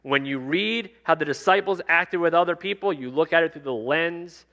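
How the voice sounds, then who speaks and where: A man's voice: on the high side, normal speed, a bit bright, highs cut off. A male pastor delivering a sermon in a conversational preaching style, circling back to repeated refrains. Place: church sanctuary.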